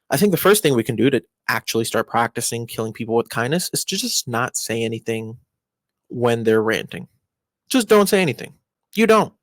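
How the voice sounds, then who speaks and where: A young man giving casual advice in a rambling monologue, full of restarts and fillers, with his voice jumping up in pitch for emphasis. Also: no room sound.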